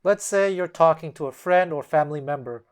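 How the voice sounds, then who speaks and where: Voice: medium pitch, fairly quick. Casual, chatty language-lesson host. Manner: explains step by step and acts out example phrases in shifting tones.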